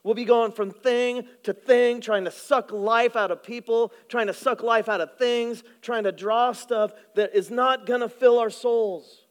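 A male pastor preaching a sermon, swinging between loud emphasis and hushed, low delivery. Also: fairly even intonation, a little slow, hardly any pauses, clean tone.

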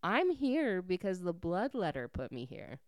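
A woman's voice: on the low side, very animated, unhurried, darkish tone, dry recording, studio quality. A woman reading a bitter, grieving queen. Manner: scornful, mournful.

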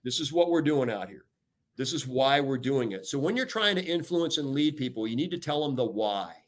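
A retired American admiral, an older man, being interviewed in a relaxed, emphatic way, often using "you know" as he speaks. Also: mid-range voice, a little fast. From United States. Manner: energetic, emphatic, many "you know" fillers. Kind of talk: podcast interview. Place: talking remotely from home or office.

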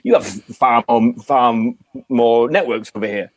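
A British man chats as a podcast guest, giving blunt opinions with a joking edge. His voice sits at a middling pitch. The sound is close and dry. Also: measured pace, no room sound. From Britain. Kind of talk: casual podcast interview.

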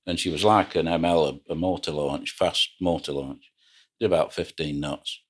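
Older man, very deep voice, rambling anecdotal storyteller, ex-skipper. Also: steady tone, moderate pace. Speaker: retired pilot boat skipper. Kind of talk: reminiscing oral history.

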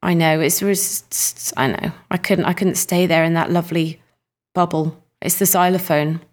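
A woman co-hosting a podcast in casual chat, animated and quick to laugh. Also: on the low side. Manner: chatty, laughs easily, animated. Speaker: podcast co-host.

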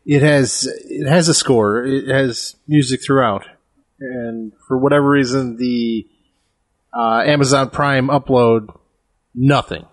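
A man's voice: medium pitch, fairly even intonation. Hesitant, dry-humored man chatting casually. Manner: measured, hesitant with frequent ums and restarts, dry humor. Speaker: podcast co-host reviewing a film. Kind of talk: casual comedic chat.

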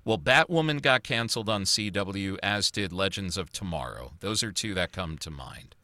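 A man hosts a casual chat, ranting in a loose, swearing way. His voice sits fairly low but comes across bright and forceful. The sound is dry and close. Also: lively intonation, normal speed, no room sound. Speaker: podcast host.

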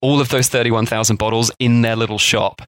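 A man's voice: medium pitch, steady tone, fairly quick, fairly bright tone, dry recording. A man hosting a podcast, telling a history story in casual chat with jokey asides. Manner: chatty storyteller, jokey asides, mock voices for quotes. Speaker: podcast host.

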